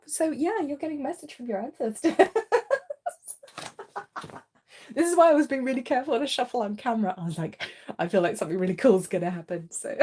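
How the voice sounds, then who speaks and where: A woman reading tarot cards on a livestream, soft-spoken and giggly, her voice worn as she loses it. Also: mid-range voice, slight background noise. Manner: soft-spoken, giggly, often drops to a murmur. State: losing her voice. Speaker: tarot reader.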